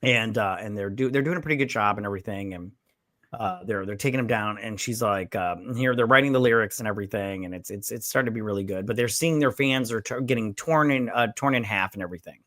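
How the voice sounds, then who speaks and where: A man talks through a film plot in a loose, rambling way, now and then acting out the characters' lines with a curse or two. His voice is bright, and the recording is dry and close. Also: on the low side, fast talker, no room sound. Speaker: podcast co-host. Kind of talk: casual recap chat.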